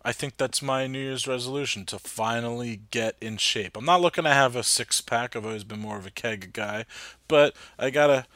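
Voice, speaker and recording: A man's voice: mid-range voice, moderate pace, a bit bright, no echo. A man from New Jersey hosting his podcast in rambling, casual chat full of fillers. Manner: rambling, chatty, lots of fillers and restarts. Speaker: podcast host.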